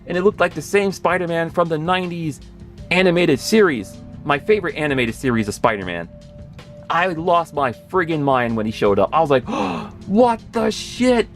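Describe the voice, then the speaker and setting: A man in his thirties gushing through a casual episode recap, rambling and correcting himself as he gets excited. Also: fairly high pitch, fairly quick, soft background music. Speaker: pop culture video host.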